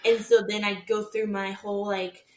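A woman's voice: medium pitch, normal speed. A woman in her twenties chatting candidly on a podcast, laughing often and acting out what others said. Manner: candid, laughing, animated storytelling with quoted voices. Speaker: podcast co-host. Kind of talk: casual chat. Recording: echoey room.

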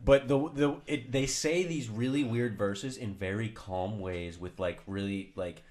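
Young man hosting, upbeat and low. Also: a little slow, a little mellow. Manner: upbeat, steers the talk with questions. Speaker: podcast host. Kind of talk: casual chat.

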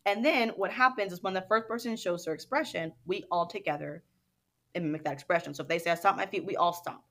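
A woman guest in a casual interview, telling stories in an animated way and acting out what others said. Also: on the low side, quick pace. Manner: animated storyteller who acts out what others said. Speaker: guest, dance studio owner.

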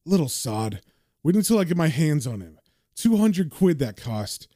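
A grim young occultist intones with solemn, driven intensity, as a man reads him out. The voice is mid-high and mellow, with a dry close sound. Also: very animated, moderate pace, no room sound. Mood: irritated. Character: grim young male occultist casting a spell.

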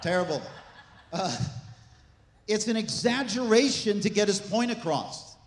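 A man preaching a sermon as pastor, animated, with asides and jokes to the congregation. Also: high-pitched, a little slow. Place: church sanctuary. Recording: echoey church hall.

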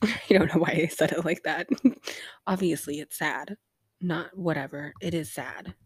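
A woman's voice: deep voice, unhurried, breathy edge, no room sound, clean studio sound. A woman hosting a casual rewatch recap of a TV episode, rambling with lots of fillers and offhand swearing.

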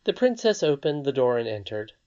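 Storybook reader, mid-pitch voice, measured and expressive, a bit dull lo-fi sound. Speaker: audiobook narrator. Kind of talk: storybook narration. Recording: slightly dull lo-fi recording.

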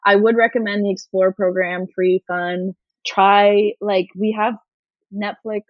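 A woman speaking as an interviewee in casual chat, talking in a fast-flowing way full of "like" fillers. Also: medium pitch, level tone, dry recording. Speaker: interviewee, former education student. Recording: dull, lo-fi recording.

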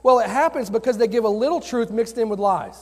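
High-voiced youth pastor preaching in a hall. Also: male voice, fast talker. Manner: earnest, conversational preaching with personal stories. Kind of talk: sermon. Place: church sanctuary. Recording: long hall reverb.

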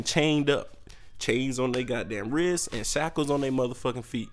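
A young man hosting a podcast, ranting in a profane, animated way with sudden jumps in pitch. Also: normal speed. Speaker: podcast host. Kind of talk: solo comedic rant.

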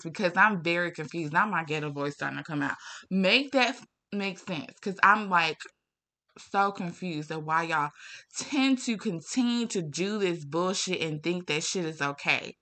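A young woman venting in a casual, profane rant to camera, firing off exasperated rhetorical questions. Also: sharp tone. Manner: rhetorical questions, pitch leaps up when worked up. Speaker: vlogger.

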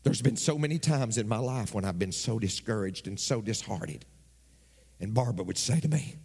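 A male pastor preaching a sermon, his voice climbing high toward near shouts. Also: expressive, fairly quick, husky. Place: church. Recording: long reverb of a church hall.

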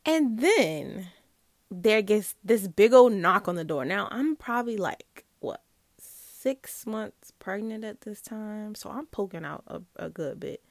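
Young woman, casual storyteller, lively and laughing, dry close sound, mid pitch. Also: slow pace, dry recording. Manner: animated, laughs often, acts out quotes.

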